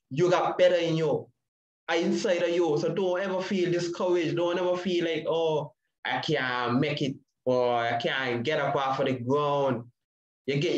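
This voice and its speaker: A man sharing testimony as a panel speaker delivers an impassioned account in a repetitive preaching cadence with repeated phrases. His voice is on the high side, and the recording is muffled in an echoey room.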